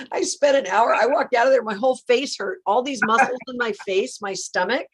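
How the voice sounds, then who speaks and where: A woman's voice: on the high side, fairly quick, slight background noise. A woman taking part in a webinar who chats casually and enthusiastically about how a class made her feel. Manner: enthusiastic, chatty. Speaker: webinar participant. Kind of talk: casual chat.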